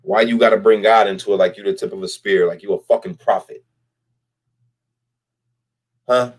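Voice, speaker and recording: A man's voice: lowish voice, fairly even intonation, normal speed. A man delivering a blunt, profane commentary straight to camera, addressing someone directly and repeating lines for emphasis. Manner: blunt, profane, speaks straight to the person he criticizes. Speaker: vlogger.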